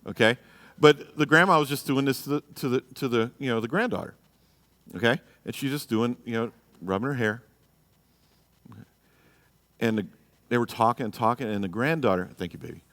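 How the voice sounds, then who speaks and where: A man pastor teaches a live marriage class in a church, blunt and exhorting as he presses the men in the room. His voice sits at an ordinary middle pitch. He peppers his talk with "you know" and "okay?". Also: normal speed, pauses often, a bit bright, big-room sound. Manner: acts out quoted people in a raised voice.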